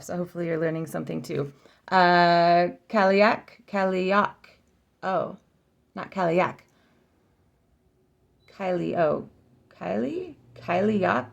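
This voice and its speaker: Lady doing a chill deck flip-through vlog, super gravelly fry, slow and thinking out loud. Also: lowish voice. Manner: sounding out names aloud, self-correcting; musing, giggly asides. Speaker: oracle deck reviewer.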